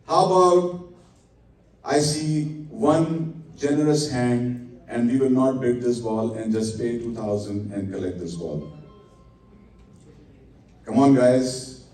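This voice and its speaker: In a large indoor event hall, a man calls a live charity auction, upbeat as he coaxes the crowd to bid and thanks donors, peppering his talk with religious blessings. His medium-pitched, darkish voice is slow with frequent pauses, captured by a distant mic in an echoey hall.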